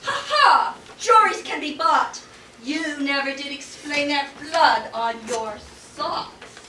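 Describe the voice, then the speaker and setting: A woman's voice: high voice, animated, slow, bright, forceful tone, full character voice. A woman acting a sarcastic, vain stage actress in a comedy, recorded far off in an echoey hall. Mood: catty. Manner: sarcastic and mocking. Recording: echoey stage from a distant mic, faint hiss.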